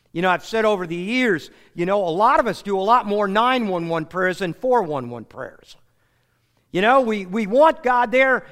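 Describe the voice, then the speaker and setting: A man preaching a sermon, animated, acting out the lines he quotes. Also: sits high. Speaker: pastor. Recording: hall reverb.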